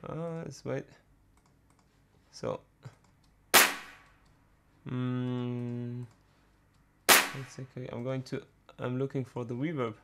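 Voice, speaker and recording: In a screen-recorded software tutorial, a music production tutor explains drum production in a mid-range, steady voice. He's hesitant and halting, with many fillers and restarts, and there's heavy background noise.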